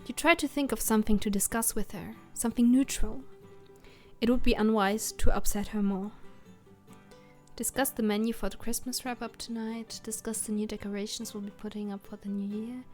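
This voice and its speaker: A woman reads the narration of a text-based story game aloud in English. Her voice is light and fairly high, and her reading is steady and even. Faint music plays quietly behind her. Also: moderate pace. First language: German. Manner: reads narration steadily, adds German asides. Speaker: let's player.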